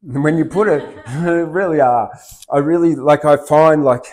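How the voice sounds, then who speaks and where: An Australian man hosting a poetry open mic, who chats loosely with many fillers and then reads rhyming verse loudly and rhythmically. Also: on the high side, moderate pace. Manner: loose and rambling, with many fillers, swinging into loud rhythmic recitation. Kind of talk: reciting rhyming poetry and rambling chat.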